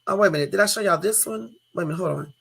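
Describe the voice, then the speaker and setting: A woman vlogger talking casually to her viewers, rambling with frequent exclamations and asides, sometimes slowly reading news text aloud. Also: fairly low pitch, creaky, slightly rough.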